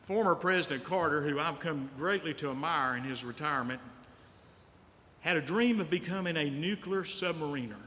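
A man's voice: fairly high pitch, moderate pace, sharp tone. A man preaching a sermon as pastor, telling stories and repeating key lines for emphasis. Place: church sanctuary. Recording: church hall reverb with faint noise.

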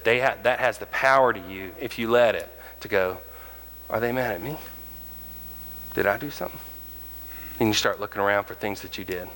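A man preaching a sermon as pastor, animated and acting out the voices of the people in his stories. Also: medium pitch, in a large hall, poor audio. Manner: animated, acts out quoted voices.

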